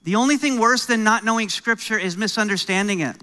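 American guy preaching, middle-aged, kinda high and bright voice, chatty with jokes then punchy emphasis. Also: brisk, clean tone. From New York. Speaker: pastor. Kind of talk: sermon.

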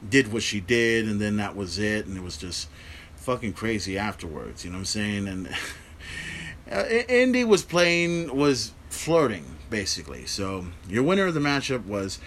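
A man's voice: on the low side, very animated, normal speed, fairly bright tone, a little hiss or hum. A man hosting a podcast, recapping a wrestling show in a rambling, profane way, with many fillers. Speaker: podcast host.

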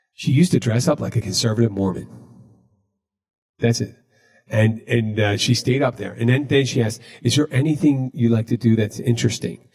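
A man hosting a podcast, telling a story in a casual, deadpan way. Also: mid-range voice, slightly rough. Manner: deadpan, recounting jokes he told. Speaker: podcast host.

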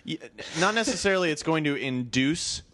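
A man's voice: on the high side, lively intonation, fairly quick, bright, forceful tone, no echo. A man hosting a podcast in casual chat, joking and steering the talk. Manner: joking, runs the show. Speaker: podcast host.

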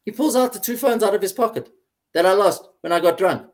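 A man, a guest in an interview, telling a personal story in an animated, casual way and swearing freely. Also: high-pitched, fast. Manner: animated, swears, says "mate" often.

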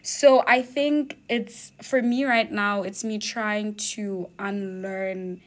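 A woman's voice: mid-range voice, fairly even intonation, slow pace. Chatty young woman from Botswana. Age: young adult. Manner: chatty, laughs often, keeps asking "you know what I mean". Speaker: podcast host. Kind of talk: casual podcast chat.

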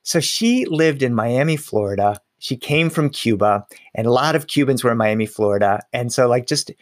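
A middle-aged man and storyteller speaking in a lively, conversational way, slowing down to linger on details. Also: medium pitch, no echo, studio quality. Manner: animated, slows down on details, many restarts. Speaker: storyteller and author.

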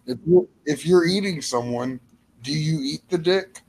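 A man trading deadpan, offbeat jokes in a casual comedic chat as a podcast co-host. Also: on the high side, unhurried, breathy edge, poor audio.

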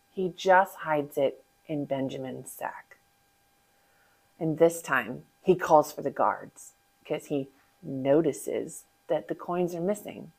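Woman storyteller, animated Bible lesson, asks listeners questions. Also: fairly low pitch, low-quality recording. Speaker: children's Bible story teller.

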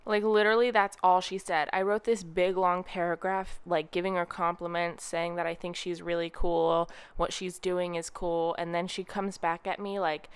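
A young woman hosting her podcast, ranting in a casual, sarcastic and petty way, mocking other people's words in a higher voice. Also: steady tone, a little slow, clear, resonant tone, no echo. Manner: chatty, sarcastic and petty, mimicking others in a high voice. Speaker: podcast host.

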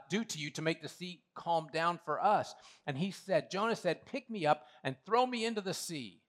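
A male pastor preaching a sermon in a church, animated, with joking asides and big swings from loud to hushed. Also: mid-range voice. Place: church sanctuary.

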